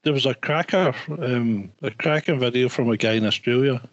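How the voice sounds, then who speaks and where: A man's voice: medium pitch, normal speed, dry recording, lo-fi sound. Amused storytelling man. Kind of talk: casual chat. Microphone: remote call.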